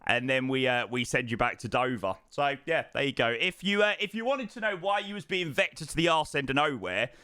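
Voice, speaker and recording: A man's voice: medium pitch, animated, a little fast, few pauses, pushed and bright, smooth, no room sound, studio quality. A man, chatting casually to viewers during a flight sim stream, greeting them by name and repeating words. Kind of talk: casual live-stream chat.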